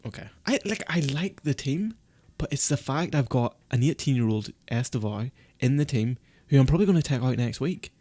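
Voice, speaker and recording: A man on a casual live stream, panicking and berating himself in a fast-swinging, swearing ramble. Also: mid-range voice, expressive, warm tone. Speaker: fantasy football streamer.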